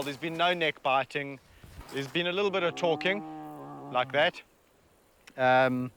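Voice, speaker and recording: A South African man, a lion sanctuary keeper, giving relaxed, chatty commentary on location and speaking fondly of his animals. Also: on the high side, clear, resonant tone.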